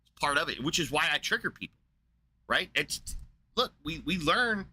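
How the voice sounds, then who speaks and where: A man's voice: on the high side, big pitch swings, normal speed, pushed and bright, husky. A man streaming a casual, profane rant in a blunt, combative way.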